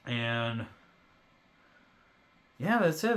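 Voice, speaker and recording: A man hosting a podcast, telling a casual story in a profane, ranting way that swings between mumbled asides and loud outbursts. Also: medium pitch, moderate pace, slight background noise. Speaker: podcast host.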